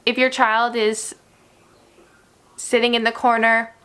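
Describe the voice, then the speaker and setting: A young adult woman, an early childhood educator, gently giving parents advice on helping young children through stress. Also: a little high, steady tone, measured pace, long pauses, clear, resonant tone. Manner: gentle, instructive, uses "therefore" often.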